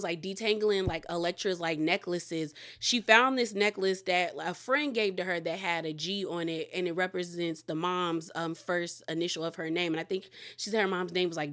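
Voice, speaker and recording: A woman hosting a podcast, recapping a reality show episode in a casual, rambling way that is full of "like" and candid asides. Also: on the low side. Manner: chatty, rambling, heavy use of "like"; candid and animated with quick asides.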